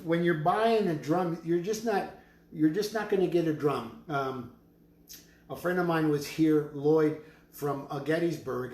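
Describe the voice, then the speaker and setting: A man making drums, talking slowly with prayerful, emphatic declarations and chanted words as he presents his drums in his studio. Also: mid-range voice, darkish tone. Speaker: drum maker selling drums on a live stream. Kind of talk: live sales stream with spiritual talk. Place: studio full of drums and rattles. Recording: roomy studio with faint noise.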